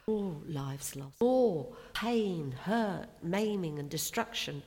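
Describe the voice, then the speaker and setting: A woman's voice: medium pitch, lively intonation, a little slow, hardly any pauses, darkish tone. A woman preaching a sermon with emphatic, sharply rising and falling delivery. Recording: long hall reverb.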